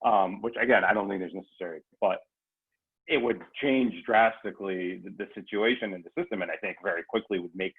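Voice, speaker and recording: A man's voice: fairly low pitch, a little fast, slightly rough. A man from California talking as a guest in a casual conversation, rambling with many restarts. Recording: tinny phone line.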